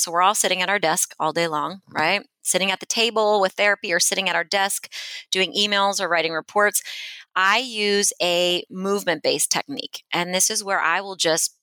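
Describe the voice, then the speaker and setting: A woman's voice: medium pitch, sharp tone, no room sound, low-quality recording. A woman speech-language pathologist, a podcast guest, talks through simple exercises in a friendly, instructive way and often checks in with "right?". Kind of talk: conversational podcast guidance.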